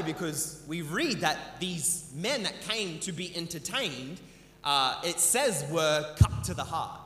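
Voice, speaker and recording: Bright-voiced pastor in an echoey church. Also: male voice, high voice. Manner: earnest, often repeats words as he restarts. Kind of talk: sermon. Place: church sanctuary. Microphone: handheld mic. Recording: echoey church hall with long reverb.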